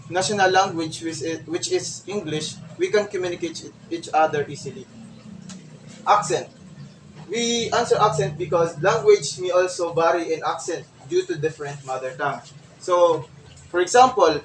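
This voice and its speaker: A young man with a Filipino accent giving a class report, explaining each point slowly with examples and many fillers. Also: on the high side. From Philippines. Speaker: student reporter. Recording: roomy, from far off, faint noise.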